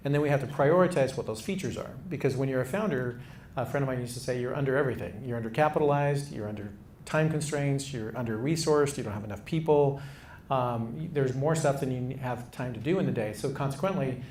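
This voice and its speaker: A man's voice: mid-range voice, darkish tone, a little hiss or hum. A man mentoring startup founders in a casual, conversational talk to a live audience, with frequent restarts.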